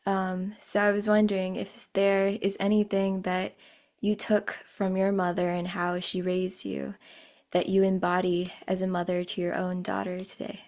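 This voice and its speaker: Soft-spoken woman interviewer, level tone. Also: mid-range voice, completely flat delivery, moderate pace. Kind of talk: interview conversation.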